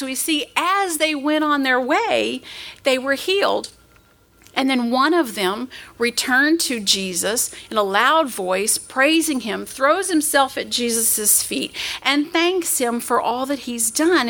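Middle-aged woman giving a sermon, high and bright, earnest storyteller. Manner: earnest, storytelling, acts out quoted voices. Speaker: preacher.

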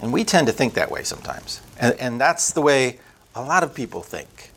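A man teaching a conversational Bible lesson, emphatic, building up lists and slowing down on key words. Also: mid-range voice, big pitch swings, gravelly, a bit bright, husky.

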